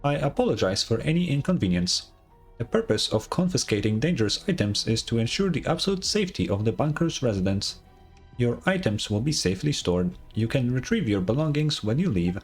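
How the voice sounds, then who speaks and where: A man voicing a gentle female announcement system in a game fan dub, speaking in a measured, polite manner. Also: medium pitch, very animated, slightly rough, faint music behind. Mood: calm.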